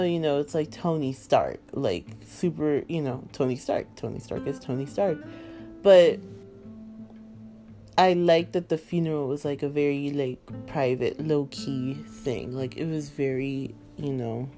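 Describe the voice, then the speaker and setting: A woman's voice: sits low, unhurried, warm tone, soft background music. A woman chatting casually and emotionally about a film, rambling with lots of fillers. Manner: rambling, filler-heavy, emotional, laughing through tears. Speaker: movie fan vlogger. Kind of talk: casual chat.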